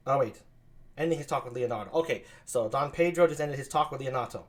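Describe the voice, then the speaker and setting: A man's voice: medium pitch, expressive, a little fast. A man hosting a casual stream, reading a play aloud and chatting between lines.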